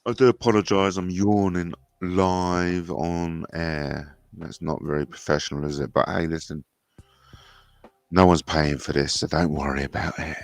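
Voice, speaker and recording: A man's voice: sits low, fairly even intonation, unhurried, dry recording, faint music behind. A man hosting a casual livestream, chatting in blunt banter with some swearing, reading out viewers' comments and answering them. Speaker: livestream host.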